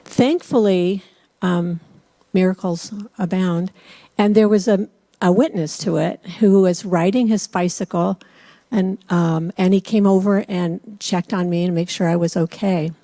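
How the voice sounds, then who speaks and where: A woman's voice: lowish voice, measured pace, no room sound. A woman who leads meditation at a church, telling a chatty personal story with touches of humor. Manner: chatty, animated storyteller with self-deprecating humor. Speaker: meditation leader. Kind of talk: personal story told from the pulpit. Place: church service.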